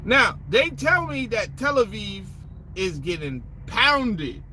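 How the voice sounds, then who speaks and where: A man rants in casual commentary with a very high, bright and sharp voice that leaps up and down. He talks profanely and sarcastically in street slang, wandering through restarts and asides. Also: very animated, slow pace, a little hiss or hum. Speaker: political commentator.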